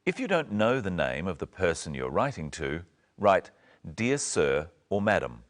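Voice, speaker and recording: Deep-voiced man teaching clearly. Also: big pitch swings. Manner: slow, clear teaching delivery. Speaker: presenter. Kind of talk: scripted language-lesson narration.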